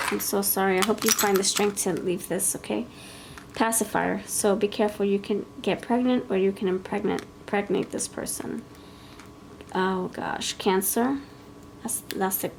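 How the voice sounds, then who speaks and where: A woman's voice: medium pitch, vocal fry, a little mellow, a little hiss or hum. A woman giving a pick-a-card tarot reading, blunt and scolding, thinking aloud as she turns the cards. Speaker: tarot reader.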